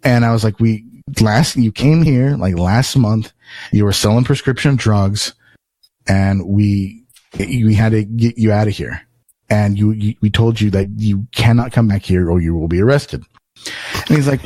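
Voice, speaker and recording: A man's voice: fairly low pitch, unhurried, no room sound. A man telling a long story on a podcast in casual, profane talk, acting out what people said. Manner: animated, acts out quotes, swears often.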